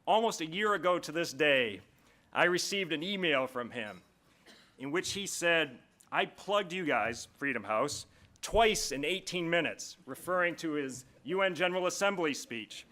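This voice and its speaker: A man's voice: a little high, lively intonation, sharp tone. A man giving a prepared, rhetorical speech to introduce the keynote speaker at an awards dinner. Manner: measured, rhetorical, deliberate pauses. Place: banquet hall.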